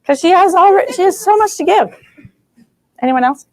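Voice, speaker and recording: A woman's voice: very high-pitched, lively intonation, normal speed, no room sound. A woman guest speaker at a spiritual group, effusive and laughing often as she talks with the gathering. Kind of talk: warm spiritual group chat. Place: community meeting room.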